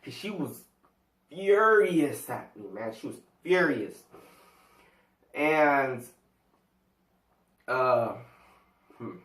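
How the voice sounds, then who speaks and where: A man's voice: medium pitch, expressive, drawn-out words, pauses often, fairly bright tone, echoey room, distant mic. A teenage guy telling a school story in a casual storytime vlog, rambling, slangy and full of fillers. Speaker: vlogger.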